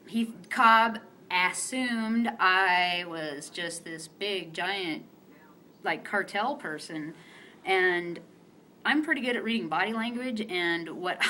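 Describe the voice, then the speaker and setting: A woman's voice: mid-range voice, a little hiss or hum. A woman chatting casually, animatedly retelling events and acting out what others said. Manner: animated storyteller, acts out quotes. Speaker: vlogger recounting a police raid. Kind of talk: casual chat.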